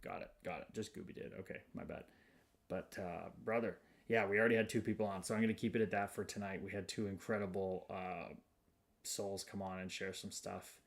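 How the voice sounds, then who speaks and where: Speaking fairly quickly in a low voice with little pitch movement, a man hosts a casual livestream. He welcomes viewers by name and reads their comments in an upbeat, spiritual manner.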